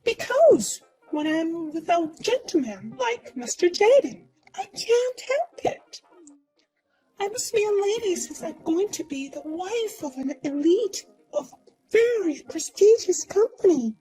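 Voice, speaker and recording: A woman's voice: extremely high pitch, big pitch swings, a little slow, warm tone, heavily acted, rough recording. A woman voicing a smug, boastful young woman who taunts and mocks in a sing-song way. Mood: smug taunting. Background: faint music.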